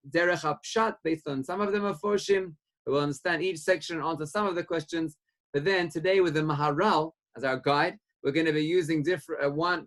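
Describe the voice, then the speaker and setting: A man, a rabbi, giving a Torah lecture in a lively, questioning way, sprinkling in Hebrew terms. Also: a little high. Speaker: rabbi teaching a class.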